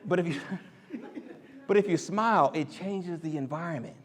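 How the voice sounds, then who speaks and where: A man giving an animated sermon, acting out quoted voices and joking with the listeners. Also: on the high side, moderate pace. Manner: animated, acts out quoted voices and jokes with the crowd. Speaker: speaker in a church teaching series.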